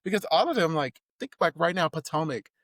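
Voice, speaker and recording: A man co-hosting a podcast in casual chat, talking quickly, laughing easily and trailing off mid-thought. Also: a little high, expressive, fairly bright tone, dry recording, studio quality. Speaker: podcast co-host.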